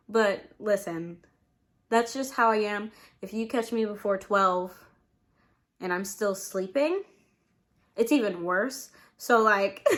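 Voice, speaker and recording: A young woman in college, chatting casually to camera as a vlogger while eating, relaxed and rambling with many fillers. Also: medium pitch. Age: young adult. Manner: relaxed, rambling, lots of "like" and "you know".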